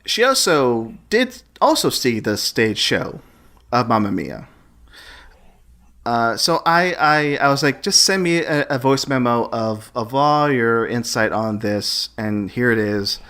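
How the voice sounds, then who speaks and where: A man co-hosting a podcast, chatting casually and haltingly with many restarts. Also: mid-range voice, lively intonation, pushed and bright. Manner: halting, full of restarts and fillers. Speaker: podcast co-host.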